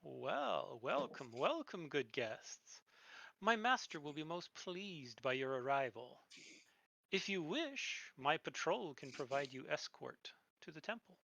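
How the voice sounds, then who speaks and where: A game master voicing a courteous male patrol leader who speaks gently and formally. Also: medium pitch, sing-song, takes it slowly, vocal fry, dry recording, highs cut off, exaggerated voice.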